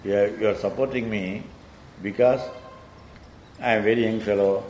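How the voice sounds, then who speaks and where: A man patiently explains a classical poem line by line, reciting verse quickly in a sing-song way. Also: lowish voice, fairly even intonation, darkish tone, roomy sound, slight background noise, rough recording. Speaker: teacher of classical poetry.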